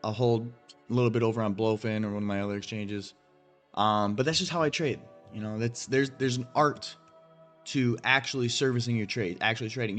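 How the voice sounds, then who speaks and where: A man's voice: medium pitch, fairly bright tone. A man hosting a crypto trading channel, talking straight to viewers in a blunt, profane, emphatic rant while he walks through his chart analysis.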